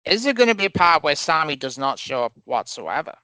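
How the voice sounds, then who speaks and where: A man's voice: a little high, brisk, clear, resonant tone, no echo. A man co-hosting a casual wrestling podcast, giving firm opinions. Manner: animated, opinionated. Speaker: podcast co-host.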